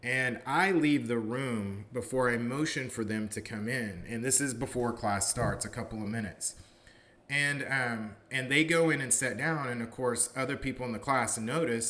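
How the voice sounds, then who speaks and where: A male college philosophy professor with a medium-pitched, sharp-toned voice tells a story casually at normal speed, often saying "you know" and acting out what people said.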